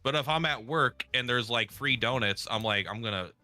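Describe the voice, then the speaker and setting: A man's voice: mid-range voice, normal speed, faint music behind. A man from the Pacific Northwest co-hosting a casual podcast, joking around and often repeating his first words. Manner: animated, stammers and repeats words, jokey. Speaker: podcast co-host.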